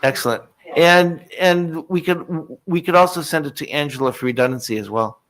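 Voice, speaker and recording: A man's voice: on the high side, normal speed, a bit bright. A man presenting text at a technical standards meeting in a conference room, talking politely and casually with fillers and restarts. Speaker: working group presenter.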